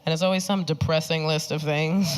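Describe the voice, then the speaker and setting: A woman from the South Bronx with a New York accent, performing a lively stand-up comedy set. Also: sits low, a little fast. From South Bronx, New York City. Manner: animated, punchy, laughing through her lines. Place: comedy club stage. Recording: loud live audience noise.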